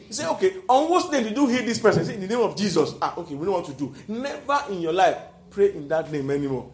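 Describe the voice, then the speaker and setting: A man with a Nigerian accent preaching a sermon, animated, often calling out to the congregation and laughing. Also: high voice, fast, roomy sound.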